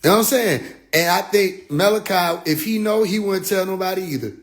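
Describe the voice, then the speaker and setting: A man telling a story in a comedic rant, animated, profane and full of slang. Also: sits high, brisk. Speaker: vlogger.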